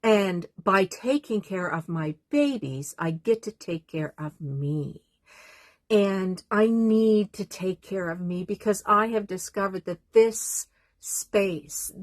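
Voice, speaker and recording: An older woman of middle pitch talks casually to her camera from a small doll room at home. She rambles, drifts between thoughts and turns emotional, heard dry and close. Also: dry recording. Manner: rambling, emotional, easily sidetracked. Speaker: vlogger.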